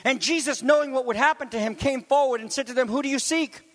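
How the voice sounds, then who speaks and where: A man with a very high voice preaches a sermon, lively and building up to shouts on the key phrases. He drops into conversational asides to the congregation between points. His voice rings with the long reverb of a church hall. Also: fast talker. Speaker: pastor.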